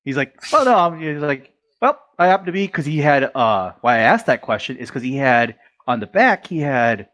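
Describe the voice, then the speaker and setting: An American man talking on a podcast at an ordinary middle pitch. He rambles through funny stories with plenty of swearing, slipping into the voices of friends as he retells what they said. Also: very animated, normal speed, hardly any pauses, fairly bright tone. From United States. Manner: rambling, profane, retells dialogue with quoted voices. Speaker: podcast guest. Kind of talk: casual storytelling.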